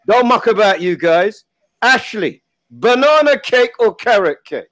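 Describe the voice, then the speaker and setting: Guy hosting, high voice, jokey and teasing, dry close sound. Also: big pitch swings, unhurried, fairly bright tone, dry recording. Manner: joking, teasing, stumbling restarts. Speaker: host. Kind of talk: casual chat on a live show.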